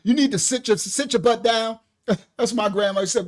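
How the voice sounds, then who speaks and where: Male bible teacher on a livestream, energetic, breaks into exclamations and loose colloquial asides. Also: extremely high pitch, moderate pace. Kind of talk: livestreamed scripture lesson. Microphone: own microphone.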